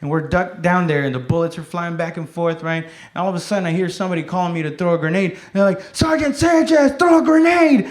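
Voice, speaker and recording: A man's voice: fairly high pitch, steady tone, fast talker, hardly any pauses. A man doing stand-up comedy on a club stage, telling self-deprecating, profane stories in a loose, conversational way. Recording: roomy club with noisy audience.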